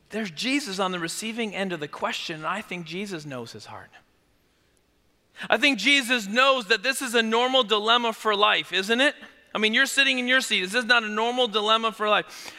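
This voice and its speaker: A man preaching a sermon as pastor, conversational and animated, dropping to quiet emphasis at key points. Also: very high voice, moderate pace, big-room sound.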